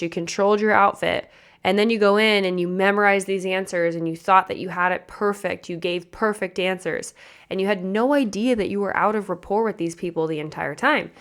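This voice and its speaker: A young woman hosting a motivational podcast as a pageant coach, chatty and energetic, often asking her listeners questions. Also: mid-range voice, clean tone. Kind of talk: motivational solo podcast talk.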